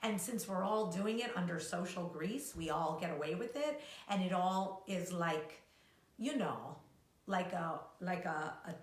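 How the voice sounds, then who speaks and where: A woman co-hosting a live talk, animated and quick to act out little quoted voices, swearing freely. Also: fairly low pitch. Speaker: co-host, coach. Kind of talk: live-streamed casual talk. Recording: echoey room.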